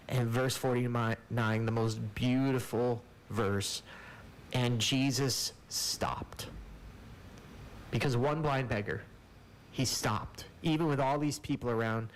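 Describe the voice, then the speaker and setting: A man's voice: mid-range voice, poor audio. A man, a pastor and radio co-host, teaching a Bible story in an earnest, conversational way and acting out the quoted lines. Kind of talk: informal sermon-style Bible teaching. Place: radio studio.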